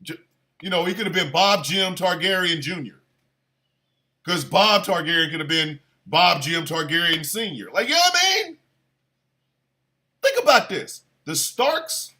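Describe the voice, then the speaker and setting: A man delivers a crude, playful comedic rant in a high, bright voice. He takes his time with the words, then breaks into exaggerated shouted bursts. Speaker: show host.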